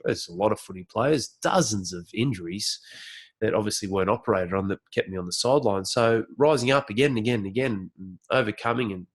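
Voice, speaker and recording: A man's voice: fairly low pitch, quick pace, slightly rough. A man in his thirties with an Australian accent, telling a personal story and acting out his own past reactions. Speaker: vlogger.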